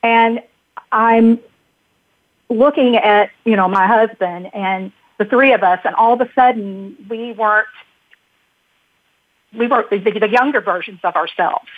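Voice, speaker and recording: A woman, a guest and birth mother, telling a personal story in a halting way, with frequent restarts. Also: on the high side, dry recording. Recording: dry tinny phone-like line.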